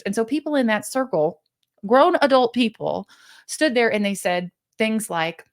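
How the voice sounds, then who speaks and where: A woman's voice: a little high, expressive, a little slow. A woman from Kansas hosting a motivational podcast, telling stories in an earnest, encouraging way with frequent restarts. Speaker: podcast host and business coach.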